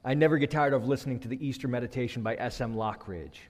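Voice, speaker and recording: A man preaching a sermon, building rhythmic refrains that swell and then drop low. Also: fast talker, a little mellow. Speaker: pastor. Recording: long hall reverb.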